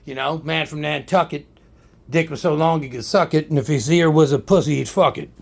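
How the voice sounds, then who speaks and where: A man's voice: fairly high pitch, a little fast, creaky. A man, a bit tipsy, rambling profanely and joking as he shows off his RC cars. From New Jersey. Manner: profane, rambling, joking, says "right?" often. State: tipsy from drinks. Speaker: RC car hobby vlogger. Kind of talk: casual tipsy chat to camera.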